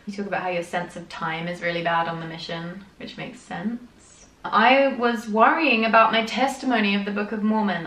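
A woman's voice: mid-range voice, a bit bright. Woman podcast co-host, casual, reads text aloud with frequent laughs, echoey room. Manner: chatty, laughing often between readings. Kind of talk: casual chat, reading a journal aloud. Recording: roomy, distant mic.

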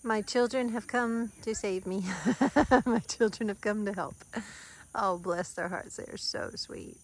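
A Southern American woman filming herself outdoors, sweet-talking animals in a soft, cooing baby-talk voice. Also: mid-range voice, measured pace. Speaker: vlogger and mother on a family farm. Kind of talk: casual vlog, coaxing animals. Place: outdoors on a rural roadside.

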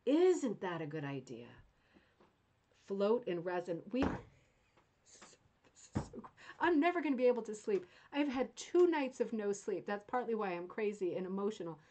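A woman's voice: medium pitch, very animated, normal speed, warm tone, a little hiss or hum. A woman hosting a craft club show in a casual teaching chat, chatty and enthusiastic, rambling and often checking in with "right?".

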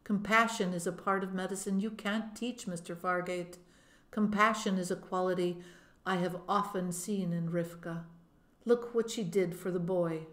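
Woman reading as a gentle male doctor. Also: on the low side, steady tone, moderate pace, close to an everyday voice. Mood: earnest. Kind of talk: audiobook reading. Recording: roomy echo.

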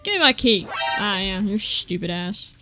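A let's-play gamer offers casual, profane and exasperated commentary, talking back to the characters on screen. Her medium-pitched voice has lively intonation and a moderate pace, and music plays under her.

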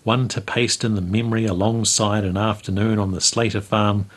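A man, reading a memoir aloud in a measured, storytelling way as the show's host. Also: lowish voice, flat delivery. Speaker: host reading local history stories. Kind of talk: read-aloud memoir narration.

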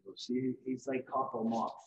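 A middle-aged man giving a live painting demonstration, telling lively anecdotes and acting out what others said. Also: medium pitch, brisk, echoey room, dull audio. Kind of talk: storytelling during a live demonstration. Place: event hall.

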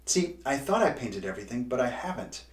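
A man voicing an excitable young male elephant painter from a storybook, asking eager, wondering questions. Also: medium pitch, fairly quick, reverberant, far from the mic, natural voice. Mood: excited.

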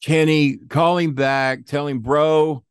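A man doing an impression of an excited podcast host, speaking high, slow and drawn out. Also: clean tone, no echo, clean studio sound. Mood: pleading.

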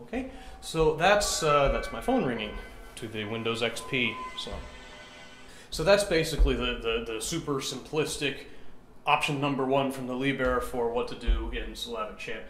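A man teaches chant rhythm step by step, counting beats aloud, giving sung examples, and often checking in with "right?". His mid-range voice moves at a normal speed with a fairly bright tone, in an echoey room with faint ambience and faint music behind.

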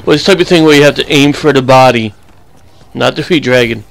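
A man's voice: medium pitch, fast talker, creaky. A young man giving casual, rambling commentary over his own gameplay, full of crude jokes and banter. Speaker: gaming channel host.

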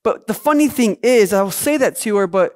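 High-voiced, energetic male pastor preaching. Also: fairly quick. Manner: energetic, emphatic preaching with rhetorical questions. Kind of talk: sermon.

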